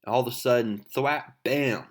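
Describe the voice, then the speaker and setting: A chatty man walks through a comic book page by page, with a mid-range voice and a relaxed, conversational delivery. He reads the characters' lines aloud as he goes. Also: medium pitch, a little slow. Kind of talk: casual comic book recap.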